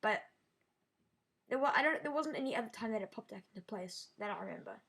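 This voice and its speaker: A woman vlogging a personal story in a halting way, often restarting her sentences and sounding shaken. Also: medium pitch, lively intonation, creaky, fairly bright tone, breathy edge. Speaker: YouTuber. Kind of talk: casual storytelling vlog.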